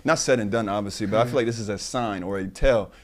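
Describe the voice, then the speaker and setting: Fast-talking man on a sports podcast. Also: on the low side. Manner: quick, chatty, easily amused. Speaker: podcast co-host. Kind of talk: casual sports talk.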